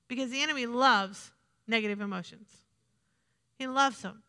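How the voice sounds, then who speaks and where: High bright woman preaching in a hall. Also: fairly quick, clear, resonant tone. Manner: conversational, repetitive, asks the congregation questions. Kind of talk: sermon.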